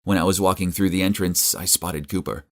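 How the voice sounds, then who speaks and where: A young man with a very low, deep voice tells an animated story in the first person. His narration is earnest and emotive, plainly scripted. He sounds young. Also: a little fast.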